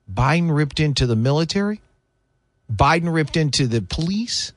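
A man's voice: mid-range voice, animated, normal speed, dry recording. A man hosting political talk radio, delivering opinionated commentary in an indignant, emphatic way. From United States.

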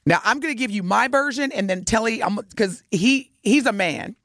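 A woman's voice: fairly high pitch, animated, moderate pace, a bit bright, no room sound. A woman co-hosting a morning radio show, talking in a casual, teasing and emphatic way from a studio mic. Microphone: studio microphone.

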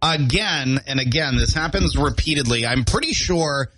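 Young guy co-hosting morning radio, dry teasing storyteller, a bit higher voice. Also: lively intonation, moderate pace, fairly bright tone, no echo. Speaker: radio morning show co-host. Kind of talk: casual on-air banter.

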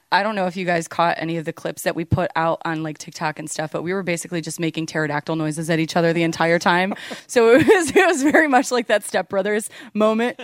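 A woman's voice: lowish voice, no room sound. A young woman, a band's singer, chatting in an interview and laughing often as she tells stories. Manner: bubbly, laughs often while telling stories. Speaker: band singer. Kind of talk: casual interview chat.

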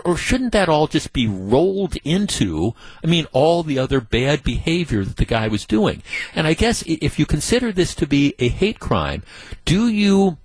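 A man's voice: medium pitch, husky, no echo, low-quality recording. A man hosting a talk radio show, telling a news story and taking calls in a conversational way, often repeating words as he thinks aloud.

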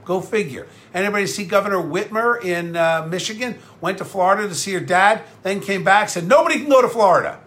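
A man's voice: high voice, fairly quick, few pauses, fairly bright tone. A man hosting a talk show, ranting in a combative, sarcastic way, answering viewer comments. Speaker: radio talk show host. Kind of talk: live-streamed talk show rant.

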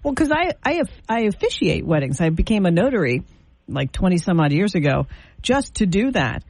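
A woman's voice: on the low side, sing-song, normal speed, darkish tone, husky, no echo. A woman hosting a morning radio show, chatting casually and teasing her guest with frequent laughs.

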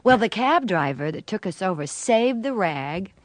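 Older woman, animated storyteller, acts out voices, dry close sound, mid pitch. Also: normal speed, no room sound. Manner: lively, acts out voices and laughs while telling a story. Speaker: guest.

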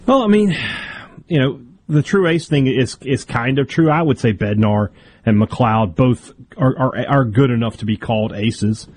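A man's voice: mid-range voice, unhurried, darkish tone, husky, no echo. Male radio co-host, talks through game analysis, banters easily, studio mic. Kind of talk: casual sports radio talk.

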